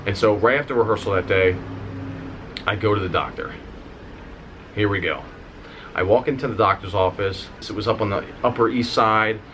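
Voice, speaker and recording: Lower-voiced man telling a candid story. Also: normal speed, long pauses, noisy background. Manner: animated, candid, swears, says "y'all". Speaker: vlogger, singer and dancer. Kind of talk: casual storytelling vlog.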